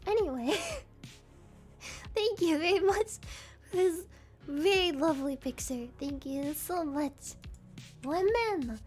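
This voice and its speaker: Giggly, very high-voiced woman streamer. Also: lively intonation, slow, long pauses, darkish tone, faint music behind. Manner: giggly and rambling, heavy on "like". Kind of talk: casual live-stream chat.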